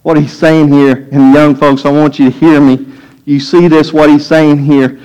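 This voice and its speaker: Man, pastor, sermon, emphatic, slightly high voice. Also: little pitch movement, normal speed, warm tone, clear, resonant tone, muffled recording. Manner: acts out scripture voices, rising emphatic preaching.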